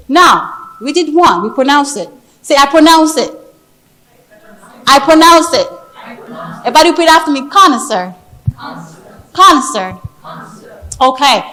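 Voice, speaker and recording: High-voiced woman teaching like a classroom teacher. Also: rough recording. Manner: animated, teacherly, repeats words for emphasis. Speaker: speaker teaching pronunciation. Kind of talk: interactive classroom-style talk. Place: conference hall.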